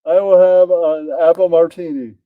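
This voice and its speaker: A man voicing a coy female radio cohost ordering a drink, in a slow, sugary falsetto. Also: fairly even intonation, no echo, phone-quality sound, natural voice.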